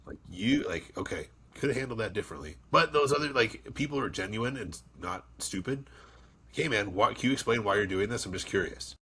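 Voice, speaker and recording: A man co-hosting a podcast in casual chat, emphatic and swearing casually, answering with quick short agreements. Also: fairly low pitch, expressive, bright, forceful tone, slightly rough. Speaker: podcast co-host.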